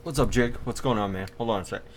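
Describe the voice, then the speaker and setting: A man's voice: mid-range voice, fast, a crowd in the background. A man chatting casually as co-host, hesitant and full of fillers. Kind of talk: casual group chat. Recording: noisy line with clicks.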